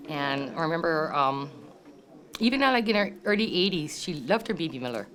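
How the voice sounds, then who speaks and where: Very animated and brisk, this woman in her sixties tells reunion stories about her family in a deep, slightly bright voice with a Hawaii local English accent. She keeps the storytelling casual and chatty, laughing a lot and imitating how her relatives talk.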